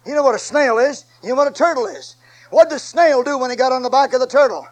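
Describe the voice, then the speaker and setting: A man preaches a fiery sermon in a high, ringing voice. He swings from low, confiding asides to loud, repeated phrases and drives his points home with force. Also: fast, poor audio.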